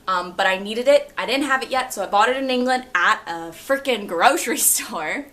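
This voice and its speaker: A young woman in her twenties chatting casually and excitably about her books, laughing often. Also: a little high, moderate pace. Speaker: book vlogger. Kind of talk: casual chat.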